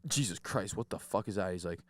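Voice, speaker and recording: A man's voice: deep voice, animated, fairly quick, no room sound. Young male co-host, casual, profane party anecdotes, dry sound. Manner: crude storytelling, swears a lot. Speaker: podcast co-host. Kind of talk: casual chat.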